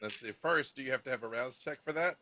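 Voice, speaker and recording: A man's voice: medium pitch, fast, noisy background. A man running a tabletop role-playing game as game master, checking rules and describing scenes over a video call. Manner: explains rules, checks details aloud.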